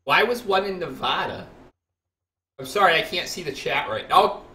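A man livestreaming a video game in casual, rambling commentary that breaks into bursts of loud laughter. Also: a little high, very animated, normal speed. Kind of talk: casual let's-play commentary. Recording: echoey room, voice far from the mic.

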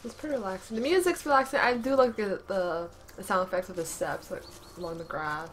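A woman's voice: mid-range voice, brisk, a bit bright, slight background noise. Sarcastic woman commentating a game. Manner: sarcastic, talks to the game, laughs and yelps often. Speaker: gameplay commentator. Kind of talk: casual let's-play commentary.

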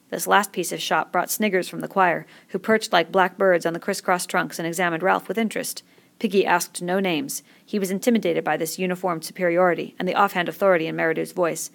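A woman narrating a novel in a measured, expressive reading. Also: on the low side, creaky. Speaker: reader. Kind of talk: audiobook narration.

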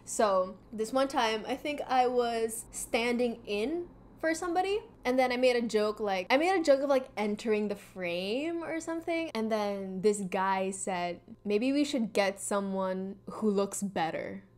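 A woman's voice: on the high side, expressive, unhurried, hardly any pauses. A young woman with a Filipino accent, hosting a casual confessional podcast, chatty and self-mocking, laughing often. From Philippines. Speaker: podcast host.

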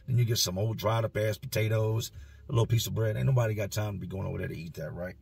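A man's voice: fairly low pitch, steady tone, fast, gravelly, a little mellow, breathy edge, dry recording. A man telling a story from his own past in a blunt, slangy, profane way. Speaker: vlogger.

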